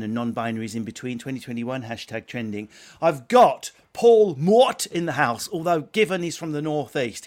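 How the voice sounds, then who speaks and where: A man hosting a podcast, blunt and cheeky, swearing freely. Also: medium pitch. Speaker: podcast host. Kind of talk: brash casual chat.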